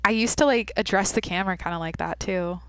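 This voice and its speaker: A woman's voice: mid-range voice, fast talker, smooth, no room sound. A young woman hosting a podcast, talking candidly in a rambling, casual way with lots of "like". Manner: rambling, candid, heavy use of "like". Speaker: podcast host. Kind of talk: casual monologue.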